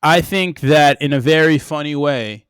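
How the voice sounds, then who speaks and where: A man's voice: on the high side, a little slow, clean tone, dry recording. A man co-hosting a wrestling podcast, riffing playfully in casual chat. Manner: playful, animated, riffing with bits. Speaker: podcast co-host.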